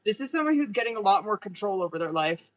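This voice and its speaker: Woman tarot reader live-streaming, loose, profane, chatty. Plain mid-pitched voice. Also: animated, quick pace, low-quality recording. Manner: casual, swears often, filler-heavy.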